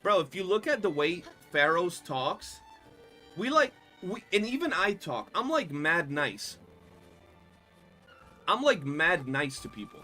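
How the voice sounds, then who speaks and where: A young man livestreaming a game, talking in a loose, animated, slangy way and swearing often. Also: sits high, a little slow, faint music behind. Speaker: streamer. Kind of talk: casual gaming livestream chat.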